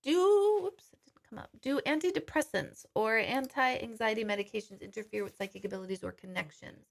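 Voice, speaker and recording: A woman's voice: mid-range voice, fairly quick, vocal fry, a bit bright. A woman hosting a live-stream question and answer session as a psychic medium, chatting casually and reading viewer comments aloud.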